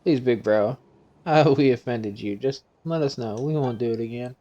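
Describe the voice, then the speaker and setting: A man's voice: mid-range voice, normal speed, warm tone, highs cut off. A man hosting a gaming channel, playfully reading every character's dialogue aloud himself while playing and laughing often.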